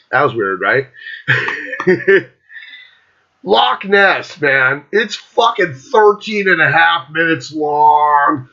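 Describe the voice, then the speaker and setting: Dude ranting casual and sweary, kinda high bright voice, dull lo-fi sound. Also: male voice, animated, very slow, gravelly, pauses often. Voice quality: heavy swearing, loose filler-laden talk. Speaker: host. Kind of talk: casual rambling chat. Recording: lo-fi dull recording.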